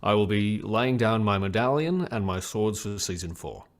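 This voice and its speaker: A man putting on a British accent in an impression of a famous actor, reading a statement slowly and solemnly. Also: fairly low pitch, pitched below the performer's own voice, close to an everyday voice. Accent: British, put on.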